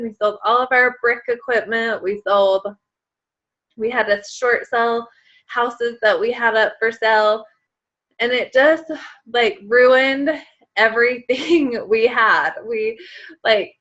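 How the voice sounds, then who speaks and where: Bright-voiced woman on a muffled call. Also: on the high side. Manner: emotional, tearful at times, chatty with many fillers. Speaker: team leader on a sales call. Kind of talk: motivational team call.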